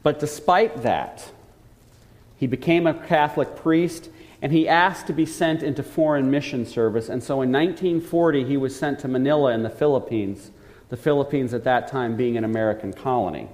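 A man preaching a sermon, telling a story earnestly and slowing down to stress key points. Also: medium pitch, darkish tone. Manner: earnest storytelling, slows for emphasis. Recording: long hall reverb.

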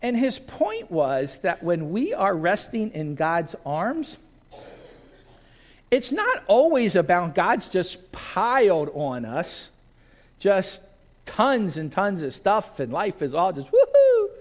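A man's voice: high voice, takes it slowly. A male pastor preaching a sermon to a congregation in a church, telling stories and acting out scenes. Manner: storytelling, animated, acts out scenes.

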